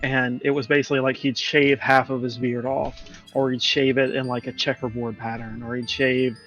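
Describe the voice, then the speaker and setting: A man's voice: medium pitch, little pitch movement, moderate pace, fairly bright tone, lo-fi sound, faint music behind. A man chatting casually during a game stream, telling a long, rambling story and laughing along as he goes. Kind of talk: casual chat while gaming.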